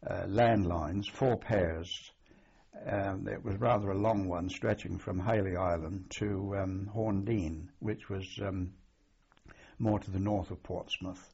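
Slow, gravelly old man reminiscing. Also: deep voice, fairly even intonation, a little mellow, lo-fi sound. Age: older. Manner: slow, halting, many ums and restarts. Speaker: veteran interviewee. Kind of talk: oral history recollection.

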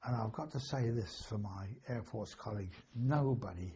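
This older man from England, a war veteran giving an oral history interview, reminisces about the war in a meandering, story-filled way, chuckling and fixing his own slips. He has a lowish, dark, husky voice at a moderate pace, captured on a muffled recording.

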